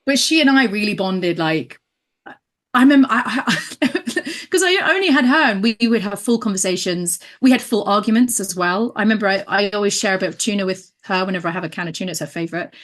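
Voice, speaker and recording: Animated woman telling stories. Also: mid-range voice, fast talker. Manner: animated storyteller, acts out quotes, laughs often. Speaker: guest, actress and comedian. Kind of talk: casual anecdote telling.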